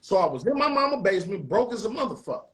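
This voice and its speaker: A man with a St. hosting a casual conversation, telling profane, animated stories. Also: sits high, racing, slight background noise, low-quality recording. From north side of St. Louis. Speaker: host.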